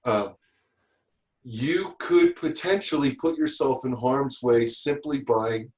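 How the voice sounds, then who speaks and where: A man's voice: mid-range voice, slow, echoey room, background noise. A man guesting on a podcast and chatting casually, rambling and often restarting his sentences. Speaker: guest, safety instructor. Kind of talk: casual chat.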